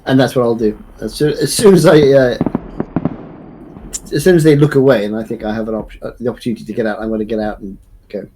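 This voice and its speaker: A man speaking as a player in a tabletop game, talking haltingly with restarts. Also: medium pitch, mellow, slight background noise. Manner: halting, stumbling speech with laughs. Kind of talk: casual tabletop play.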